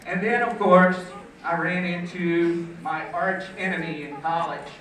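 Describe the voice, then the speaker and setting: A man's voice: high voice, steady tone, a little slow, fairly bright tone. An older man, a teacher, doing a mock-indignant stand-up comedy routine on a school auditorium stage, heard through a distant mic. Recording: echoey hall, distant mic.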